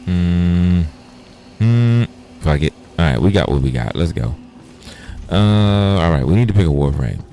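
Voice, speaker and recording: Very deep gravelly man, profane and playful. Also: animated, normal speed, mellow, a little hiss or hum. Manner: profane, playful, chats to viewers. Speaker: gaming streamer. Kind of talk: casual livestream gameplay chat.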